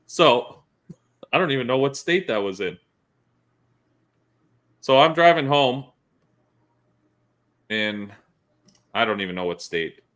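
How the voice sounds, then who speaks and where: A man's voice: medium pitch, slow pace, pauses often. A male podcast host, telling profane stories in casual chat. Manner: profane, animated storyteller.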